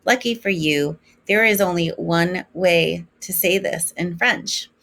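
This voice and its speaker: A woman teaching a French lesson in English, slowly modeling each French form for her students to repeat. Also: on the low side, a bit bright. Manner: slow, clear modeling of French forms for repetition. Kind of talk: recorded classroom lesson.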